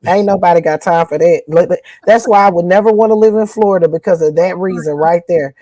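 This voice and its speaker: A woman from northern Louisiana with a northern Louisiana accent, co-hosting a podcast in casual chat, folksy and animated with old-fashioned country sayings. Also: on the low side, fast, no echo, rough recording. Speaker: podcast co-host.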